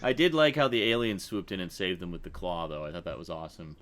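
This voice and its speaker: Animated man telling a story. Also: low-pitched, fast talker, crowd noise. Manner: animated storyteller, laughs often. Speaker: livestream host. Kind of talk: casual chat.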